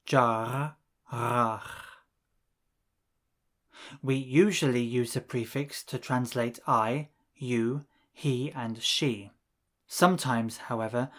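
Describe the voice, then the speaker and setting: A man narrating a scripted language lesson, reading drill phrases in a measured way with pauses between them. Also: medium pitch. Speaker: language teacher.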